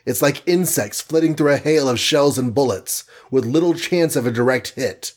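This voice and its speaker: A man's voice: medium pitch, normal speed, darkish tone, voice pushed up, lightly acted. A man reading aloud who voices a decisive adult male hero giving clipped, urgent commands. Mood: commanding.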